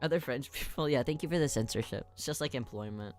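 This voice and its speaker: A woman's voice: a bass voice, quick pace, few pauses, a little mellow, soft background music. A woman streamer chatting casually and rambling, laughing often between thoughts. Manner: rambling, giggly, mock voices. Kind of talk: casual live-stream chat.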